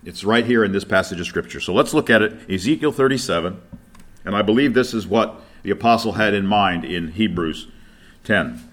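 A man's voice: fairly low pitch, normal speed. Man, middle-aged, preacher, sermon, emphatic scripture reading, rhetorical questions.

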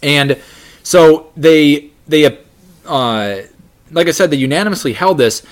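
Leading a Bible study, a man reads scripture aloud and talks it through, restarting often and using plenty of fillers. His voice sits on the high side with lively intonation, and he speaks slowly.

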